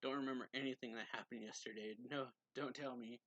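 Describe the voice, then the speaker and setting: A man's voice: mid-range voice, steady tone, fast, a bit bright, no echo, highs cut off, lightly acted. A man voicing a flustered, easily embarrassed young manga character while retelling a chapter.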